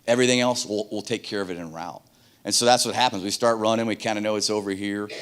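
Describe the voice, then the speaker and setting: Fast-talking man telling war stories. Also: on the low side, slight background noise. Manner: animated, acts out dialogue in voices. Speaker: keynote speaker. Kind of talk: keynote storytelling. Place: conference stage.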